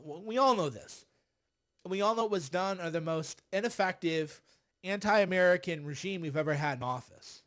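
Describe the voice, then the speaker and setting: A man's voice: high voice, animated, normal speed. A middle-aged man hosting a political commentary livestream, sarcastic and exasperated, sighing often and mocking people. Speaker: livestream host.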